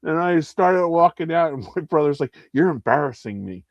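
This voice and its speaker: Man, fairly high voice, lively swearing storyteller, dull dry sound. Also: normal speed, dry recording. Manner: animated storyteller, swears, acts out quotes. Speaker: co-host. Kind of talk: casual chat.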